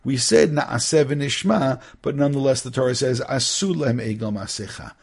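A middle-aged man with a husky, gravelly voice teaches a Torah study class. He talks in a lively way, acting out short exchanges and often restarting his sentences. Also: medium pitch, moderate pace. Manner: animated, acts out little dialogues, many restarts.

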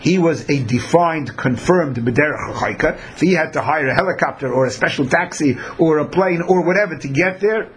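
A man's voice: fairly high pitch, moderate pace, hardly any pauses, slight background noise. A man teaching a Talmud class who acts out the people in his examples. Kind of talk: Talmud lecture.

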